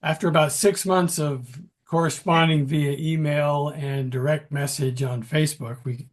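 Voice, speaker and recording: A man, an author hosting a casual interview, asking rambling, drawn-out questions. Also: on the high side, fairly even intonation. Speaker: author and host.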